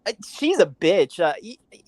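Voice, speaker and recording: Lively storytelling man, dry sound. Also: sits high, normal speed, no room sound. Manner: animated storyteller, acts out quotes. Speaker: podcast panelist. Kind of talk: casual storytelling chat.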